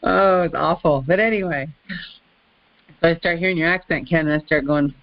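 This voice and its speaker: A woman's voice: low voice, normal speed, dull audio. A woman hosting a casual group call, rambling and laughing as she talks about growing up in the South. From American South. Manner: chatty, rambling, laughs often. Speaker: host.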